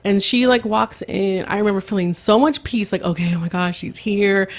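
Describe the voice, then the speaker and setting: A woman in her thirties, appearing as a podcast guest, tells a story in casual conversation and acts out what people said. She has a mid-range voice and speaks at a normal pace, storytelling with plenty of animation.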